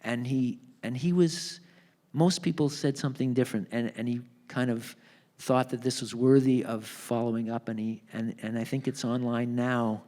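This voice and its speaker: A man telling a family story in a live onstage book talk, acting out the people in it with lively voices. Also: mid-range voice, moderate pace. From Canada. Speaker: author being interviewed. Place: theatre stage.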